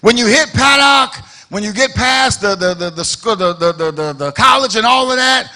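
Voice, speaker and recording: In a church sanctuary, a pastor with a high-pitched, expressive voice preaches a sermon at a moderate pace. He fires off rhetorical questions and repeats phrases, building up to shouted emphasis.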